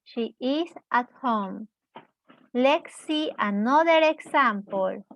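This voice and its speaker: A woman teaching English, who explains in Spanish, models sentences slowly and clearly, asks the class questions and praises their answers. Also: fairly high pitch, expressive. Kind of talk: slow, deliberate classroom explanation.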